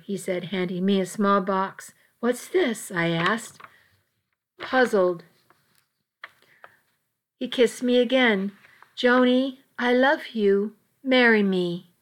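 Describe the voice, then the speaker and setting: A woman reads a romance story aloud at an unhurried pace. Her delivery is soft and intimate, in a mid-pitched voice. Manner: slow, soft and intimate reading. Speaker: narrator. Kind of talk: audiobook narration of a romance story.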